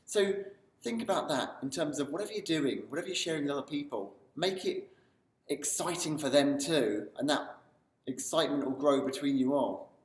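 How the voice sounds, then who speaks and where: Man, motivational talk, enthusiastic and building excitement, echoey room. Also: a little high, normal speed. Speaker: motivational video presenter. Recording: roomy sound from a distance.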